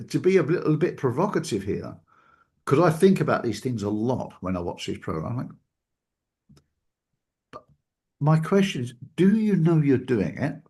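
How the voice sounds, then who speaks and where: A man with a medium-pitched, darkish voice reflects casually on abusive behavior, hedging his points and repeating words for emphasis.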